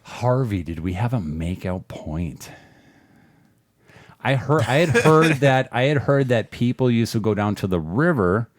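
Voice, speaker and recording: A man's voice: medium pitch, lively intonation, unhurried, no room sound, clean studio sound. A man, a podcast guest, telling a rambling, profane story in a casual way and laughing often.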